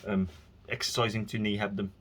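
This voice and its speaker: A man's voice: fairly low pitch, little pitch movement, a little fast, very noisy. A man talking in a casual solo monologue, rambling and chatty with frequent restarts as he tells stories. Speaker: vlogger.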